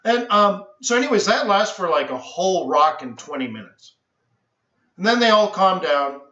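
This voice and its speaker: A man hosting a live trading stream, telling an animated story and acting out the voices of the people in it. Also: high voice, normal speed, echoey room, dull audio. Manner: excitable, acts out other people's voices, lots of restarts. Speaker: trading educator and host.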